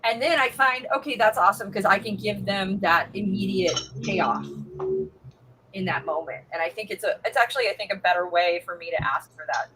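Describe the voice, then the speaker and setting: A woman life coach chatting casually, an animated storyteller who acts out the quotes she tells. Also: mid-range voice, fairly quick, a little hiss or hum, low-quality recording. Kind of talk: casual chat.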